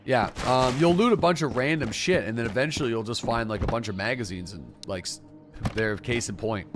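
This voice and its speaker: Over background music, a man with a mid-range voice talks fairly quickly while streaming a game. He chats casually with a co-op partner, laid-back and profane, swearing and thinking aloud.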